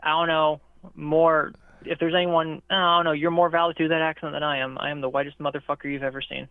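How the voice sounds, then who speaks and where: A man's voice: on the high side, little pitch movement, fast, clear, resonant tone, dry recording. A man from St. Louis chatting casually, rambling with lots of fillers. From St. Louis, USA. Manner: rambling, filler-heavy, many "like"s. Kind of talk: casual chat. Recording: tinny phone-like call audio.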